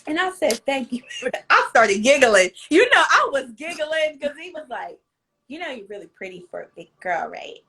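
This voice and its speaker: A young woman hosting an interview, telling funny stories in a casual, animated way and acting out what people said. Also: high voice, moderate pace. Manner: animated storytelling, acts out quotes, laughs often. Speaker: interviewer, podcast host. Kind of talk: casual chat.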